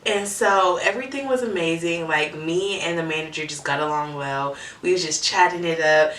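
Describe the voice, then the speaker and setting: A woman's voice: sits low, moderate pace, a bit bright, echoey room, distant mic. A young adult woman from Metro Atlanta telling a casual storytime, candid and chatty with frequent "right?" asides. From Metro Atlanta, Georgia. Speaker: vlogger.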